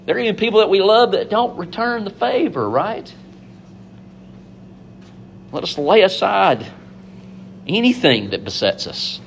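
A man preaching a sermon, animated and conversational, acting out biblical figures in quick asides. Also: high-pitched, creaky, a little hiss or hum.

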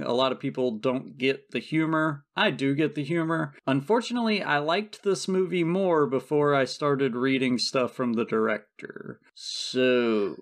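Laughing podcast host. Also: male voice, medium pitch. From South Georgia, US. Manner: laughs often, swears casually. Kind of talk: casual podcast chat.

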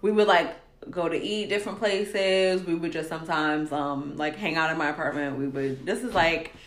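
In a low voice at normal speed, a thirtysomething woman guesting on a podcast shares her love story in a relaxed chat. She laughs often, gets emotional, and voices the quotes of the people involved, all in a roomy-sounding space.

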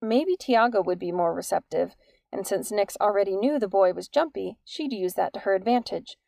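A woman reading an audiobook in an even, measured storytelling manner. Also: medium pitch, gravelly, no room sound. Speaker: audiobook narrator. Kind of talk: scripted narration.

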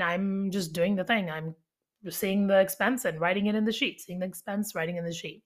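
A young adult woman and life coach talking casually on her solo podcast, chatty and animated, full of fillers and acted-out quotes. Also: mid-range voice, moderate pace.

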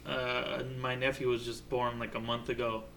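A man's voice: mid-range voice, little pitch movement, normal speed, vocal fry, fairly bright tone. A young man co-hosting a podcast, chiming in with jokes in a casual chat. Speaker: podcast co-host. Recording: voice a bit far from the mic, faint noise.

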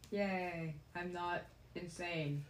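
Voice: medium pitch, steady tone, drawn-out words. A listener in casual chat who keeps breaking in with teasing jokes. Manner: teasing, jokey interruptions. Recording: echoey room with faint noise.

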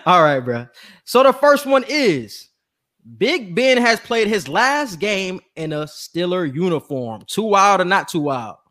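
A young man hosting a casual sports chat, animated and slangy, often laughing. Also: high-pitched, takes it slowly. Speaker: podcast host.

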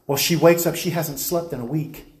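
A man's voice: on the high side, moderate pace, natural voice. Man voicing worried pleading mother, light voice, roomy echo. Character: frightened mother pleading for help.

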